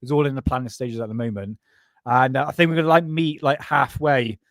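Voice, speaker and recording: A man's voice: medium pitch, fairly even intonation, fairly quick, a bit bright, no room sound, studio quality. Rambling live-stream host, man. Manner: rambling, chatty, swears and laughs often. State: stoned. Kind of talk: casual live-stream chat.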